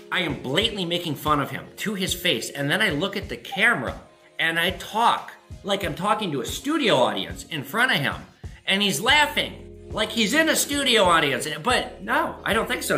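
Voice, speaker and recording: Male host, fairly high and lively, casual and profane storyteller, echoey room with soft music behind. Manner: animated, profane, jumps to high pitch for quoted voices. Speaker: host answering viewer questions.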